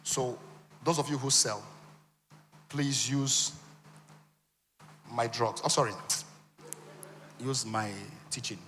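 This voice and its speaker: A man's voice: mid-range voice, fairly even intonation, slow pace, long pauses, a bit bright, soft background music. A man with a Nigerian accent giving an interactive teaching talk at a conference, quizzing the audience with call-and-response questions and teasing asides. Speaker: conference speaker teaching on wealth. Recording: long hall reverb.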